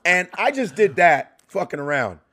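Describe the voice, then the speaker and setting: A man's voice: sits high, moderate pace, a little hiss or hum. A man telling stories in a casual interview, laughing often and jumping into impressions of other voices. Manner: animated storyteller slipping into celebrity impressions, laughing often. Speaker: comedian guest.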